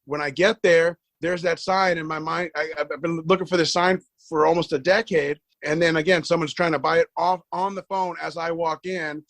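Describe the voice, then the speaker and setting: Animated man telling a story, dry sound. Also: on the high side, dry recording. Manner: animated storyteller, acts out dialogue, repeats words when excited. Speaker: podcast guest. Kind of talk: casual storytelling interview.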